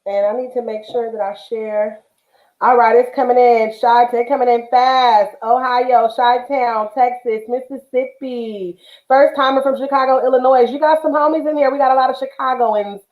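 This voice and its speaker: A chatty woman from the Bay Area hosts a craft livestream, greeting viewers warmly and peppering her talk with ums. Her voice sits high, and the sound is roomy and a little dull. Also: steady tone, normal speed. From Northern California, Bay Area. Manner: chatty, affectionate, many fillers. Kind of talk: casual livestream chat.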